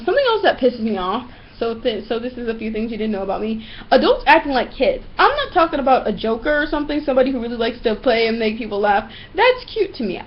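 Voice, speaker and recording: A young woman vlogging at home, ranting bluntly and profanely about everyday pet peeves in a casual, animated storytelling manner. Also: on the high side, highs cut off. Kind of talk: casual ranting monologue to camera.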